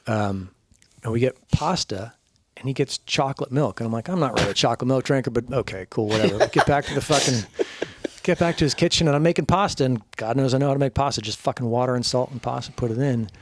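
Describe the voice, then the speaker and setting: A man's voice: mid-range voice, fairly quick, a little hiss or hum. A man in his forties, a podcast guest, telling stories in a casual, profane way. He laughs often and acts out the voices of the people he quotes. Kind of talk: casual storytelling.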